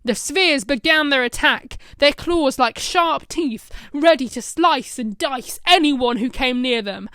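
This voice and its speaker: A woman narrating a fan short story in a brisk storytelling manner. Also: high voice, lively intonation, a bit bright, no room sound.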